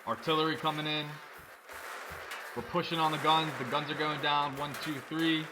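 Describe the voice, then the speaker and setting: A man casually commenting as he plays a tank game, thinking aloud and getting excited when things blow up. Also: fairly high pitch, moderate pace, over music. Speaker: gameplay commentator. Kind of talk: casual let's-play commentary.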